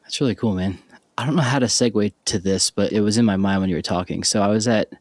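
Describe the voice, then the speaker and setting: A man's voice: lowish voice, fast, no echo. A man hosting a podcast, telling a story in an offhand, loose way with casual swearing. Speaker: podcast host. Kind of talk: casual chat.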